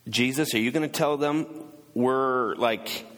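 A man's voice: medium pitch, measured pace, fairly bright tone, voice pushed up, close to an everyday voice. A man voicing an exasperated male disciple, blunt and fed up, in a casual sermon retelling. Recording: long hall reverb.

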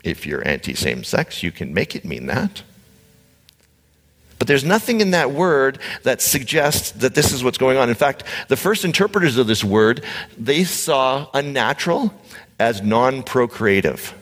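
A man preaching a conversational sermon, animated, blunt and joking with his congregation. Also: mid-range voice, measured pace. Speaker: pastor. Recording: echoey hall reverb.

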